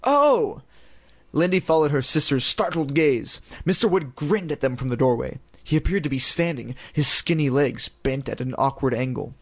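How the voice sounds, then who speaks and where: A man's voice: mid-range voice, normal speed, hardly any pauses. A man reading a children's story aloud in a casual, irreverent way, throwing in crude ad-libs. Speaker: reader.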